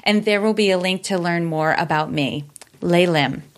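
A woman's voice: fairly low pitch, moderate pace. A woman hosting her own podcast, talking upbeat and grateful as she thanks listeners and reads their reviews aloud. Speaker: podcast host. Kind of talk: solo podcast monologue.

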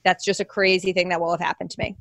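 A young woman telling a personal story in a candid, animated way as an interview guest. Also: fairly low pitch, fast talker, no echo.

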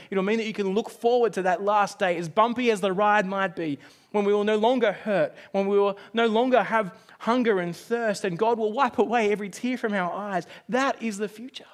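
Man, pastor, sermon, fairly high voice, dramatic shifts between loud and hushed. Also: fairly quick. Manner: dramatic storytelling, swings from loud outbursts to hushed tones.

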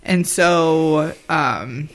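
A man co-hosting a podcast, recapping episodes in casual chat, animated, with frequent fillers and laughs. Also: fairly high pitch, drawn-out words. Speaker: podcast co-host.

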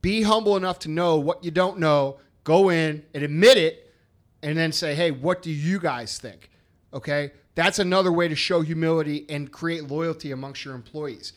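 On a casual business podcast, a co-host with a fairly high voice talks at normal speed with fairly even intonation. He's blunt and emphatic, and he swears a lot.

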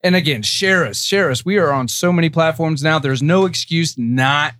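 A man's voice: moderate pace, a bit bright, no echo. A man co-hosting a podcast, bantering casually and pushing listeners to share the show. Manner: laughing, pushy promo pitch. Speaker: podcast co-host.

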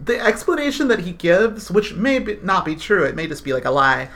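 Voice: mid-range voice, sing-song, a little fast, a bit bright. A podcast co-host analysing a TV episode in casual chat, thoughtful and teasing.

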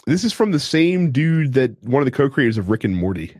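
A man's voice: medium pitch, sing-song, brisk, darkish tone, husky, no room sound, studio quality. A man hosting a podcast in casual chat, acting out quotes and swearing freely. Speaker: podcast host.

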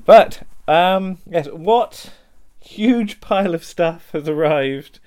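A man's voice: fairly high pitch, slow, a little mellow, smooth. A man co-hosting a podcast in casual chat, teasing his co-host and laughing often.

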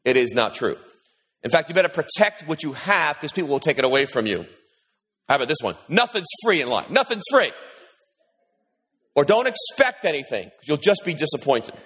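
A man preaching a sermon as pastor, animated and repeating himself, his voice lifting when he quotes Jesus. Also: brisk, husky. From New York. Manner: animated, repeats words, rises in pitch when quoting Jesus. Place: large hall with congregation. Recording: echoey hall, dull sound.

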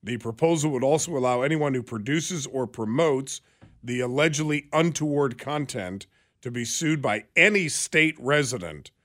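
A man co-hosting a radio show, reading news items and reacting with incredulous, animated banter. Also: mid-range voice, normal speed.

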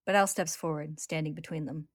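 A woman's voice: low voice, fairly even intonation, a little fast, slightly rough, no room sound, clean studio sound. A woman hosting a podcast, narrating a story recap dramatically. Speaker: podcast host.

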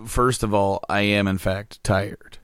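Hoarse man rambling on a podcast. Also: lowish voice, fairly even intonation, measured pace, fairly bright tone. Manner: rambling, self-deprecating storyteller. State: losing his voice. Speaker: podcast co-host. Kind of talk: casual chat.

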